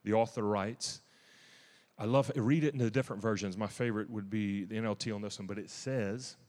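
A man preaching a testimony-style sermon in a church. He is emphatic and zealous, with restarts and sudden loud bursts. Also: lowish voice, fairly quick, in a large hall.

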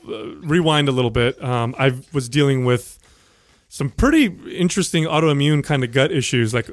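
A man's voice: mid-range voice, dry recording. Teasing man on a dry studio mic. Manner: chatty, teasing, quick interjections. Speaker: podcast co-host. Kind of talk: casual chat.

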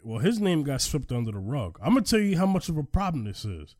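Podcast co-host, man, slightly high voice, emphatic storyteller, dry mic. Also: sing-song, quick pace, a little mellow, no room sound. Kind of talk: casual chat.

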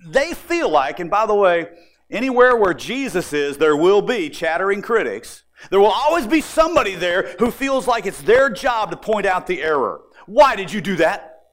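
A male pastor delivers a sermon with a high, lively voice that rises and falls a great deal. He preaches with energy and slips into acted voices when he quotes people. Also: moderate pace.

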